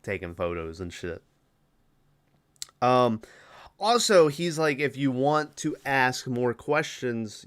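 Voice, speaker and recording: A man's voice: on the low side, a bit bright, clean tone. A young man hosting a podcast alone, loosely retelling a horror film's plot with lots of fillers and swearing. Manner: rambling, profane, filler-heavy retelling. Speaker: podcast host. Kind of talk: casual movie recap.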